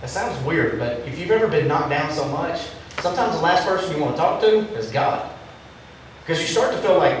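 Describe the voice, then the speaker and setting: A man's voice: on the high side, lively intonation, brisk. A man preaching a sermon in a church, telling a story with a joking twist. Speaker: pastor. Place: church sanctuary. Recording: echoey and distant, faint room noise.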